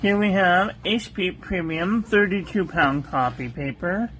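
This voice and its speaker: A woman hosting a calligraphy channel, methodically reviewing ink on one paper after another in a calm, soft-spoken voice. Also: on the low side, unhurried, slight background noise.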